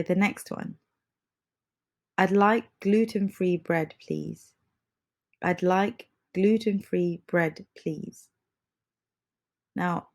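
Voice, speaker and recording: Lowish-voiced woman english teacher, feeling a bit sick, says phrases slow and patient. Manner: patient, repeats phrases slowly and softly for learners. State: under the weather, slightly congested. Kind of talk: slow, clear English lesson with repeated phrases.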